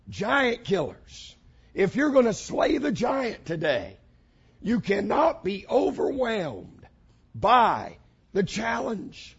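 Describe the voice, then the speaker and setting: A man preaching a sermon, building points with repeated phrases and dramatic pauses. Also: high voice, slightly rough, dull audio. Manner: animated preaching with dramatic pauses and vivid quoted voices. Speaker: pastor.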